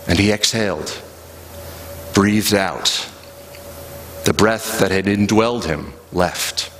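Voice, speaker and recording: A man preaching a sermon as a pastor, telling the story in a slow, rhythmic way with long pauses. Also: on the low side, a bit bright, slight background noise. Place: church sanctuary. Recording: live church recording with long reverb.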